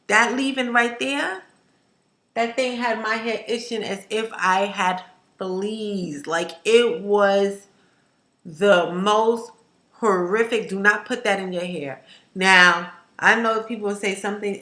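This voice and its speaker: Bright-voiced emphatic woman vlogger. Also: medium pitch, a little slow. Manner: emphatic, animated, ranting with repetition. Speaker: hair vlogger. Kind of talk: casual to-camera chat. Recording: echoey room.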